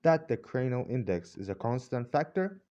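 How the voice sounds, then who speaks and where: A man's voice: mid-range voice, sing-song, moderate pace, dark tone, highs cut off, close to an everyday voice. A man reading a storybook role of an arrogant, short-tempered older male professor who talks with roaring, brutal bluntness. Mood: scornful.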